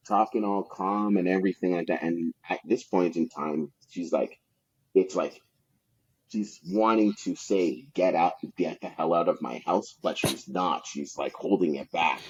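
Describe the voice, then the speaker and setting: On dull, lo-fi podcast audio, a male guest spins casual, rambling anecdotes about working in sales, swearing freely and using lots of fillers. He has a low, somewhat mellow voice with a breathy quality.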